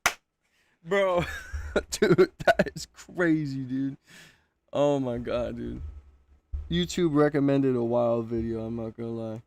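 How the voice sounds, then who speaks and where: A man's voice: medium pitch, takes it slowly, long pauses, darkish tone. A man giving casual live reaction commentary, laughing, swearing and talking in slang. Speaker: streamer reacting to videos.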